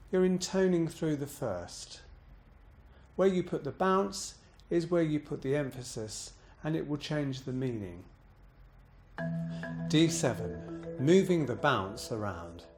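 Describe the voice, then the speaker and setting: A man coaching voice exercises, calmly explaining each step and demonstrating pitch bounces on words. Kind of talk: instructional voice exercise demo.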